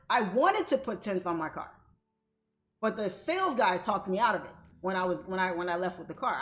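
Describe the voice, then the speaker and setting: Indignant woman telling a story, echoey room. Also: mid-range voice. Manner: animated, indignant, profane. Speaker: livestream trading host. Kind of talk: casual storytelling to viewers.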